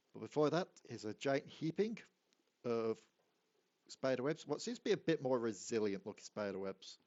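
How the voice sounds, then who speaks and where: A man runs a tabletop game, his voice sitting at an ordinary middle pitch. He describes the scene in a relaxed, easygoing way. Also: muffled recording. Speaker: game master.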